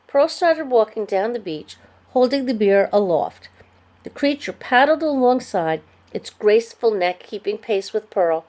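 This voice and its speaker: A woman narrating a children's chapter book aloud in an expressive storytelling manner. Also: a little high, unhurried. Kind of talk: scripted narration.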